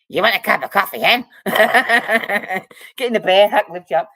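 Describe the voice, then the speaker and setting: A woman doing a loud, boisterous older Scottish man. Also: medium pitch, expressive, unhurried, no room sound, pitched above the performer's own voice, heavily acted. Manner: yelling, boisterous.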